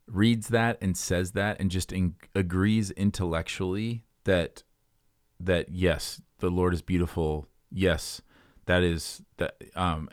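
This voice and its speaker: A man's voice: low-pitched, dry recording, studio quality. A man co-hosting a casual faith discussion, talking earnestly and rambling with many fillers and restarts. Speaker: co-host.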